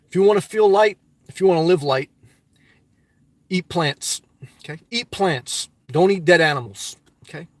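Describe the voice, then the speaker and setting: A man's voice: a little high, no echo. A middle-aged man from the US Northeast hosts a casual live stream, reading viewer comments and giving upbeat, preachy advice straight to his audience.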